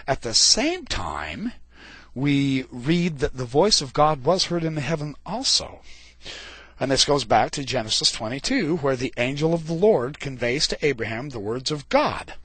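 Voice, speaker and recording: Male lecturer, informal, colloquial asides, husky voice, slightly high. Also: normal speed, no room sound. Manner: animated, colloquial asides, dramatic emphasis. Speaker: lecturer on scripture.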